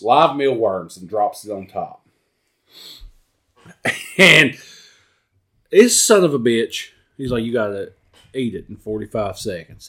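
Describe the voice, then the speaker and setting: Animated, profane male storyteller. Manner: animated, profane, jumps into high voices for quotes. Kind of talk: casual storytelling.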